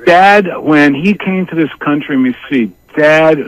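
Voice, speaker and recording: A man in his sixties, a guest telling a family story in a rambling, animated way. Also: a little high, measured pace, dull audio. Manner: animated, acts out family members' voices; rambling with many restarts and asides. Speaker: interview guest. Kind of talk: casual storytelling.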